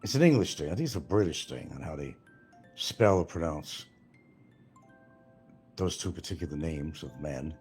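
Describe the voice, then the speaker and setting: With soft music in the background, a retired older man hosts a livestream in an extremely low, darkish voice at normal speed. His intonation is lively but he takes long pauses, rambling casually across topics and swearing freely.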